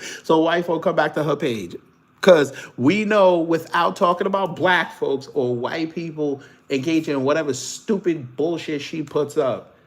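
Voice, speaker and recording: A man's voice: on the high side, unhurried. Sarcastic Caribbean-born commentary man. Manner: animated, sarcastic, mocking, swings between loud and muttered asides. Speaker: political commentary host. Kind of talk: casual commentary reading posts aloud.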